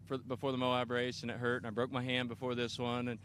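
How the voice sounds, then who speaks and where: A man's voice: mid-range voice, monotone, fast talker, a bit bright, a little hiss or hum. A middle-aged man from Kansas, an off-road racer answering interview questions outdoors in an enthusiastic, rambling way with many restarts. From Kansas, USA. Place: outdoors at an off-road race park.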